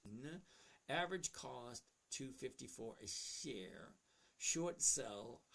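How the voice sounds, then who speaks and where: A man in his sixties hosts a casual livestream, reading viewer questions aloud. He answers bluntly and chattily in a plain, middle-pitched voice. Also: creaky. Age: 60s. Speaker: host.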